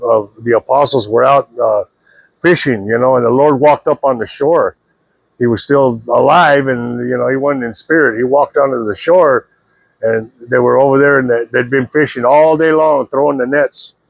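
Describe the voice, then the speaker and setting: Husky, earnest man preaching casually. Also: mid-range voice, dry recording. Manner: earnest, repetitive, keeps checking the listener understands. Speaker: vlogger giving advice.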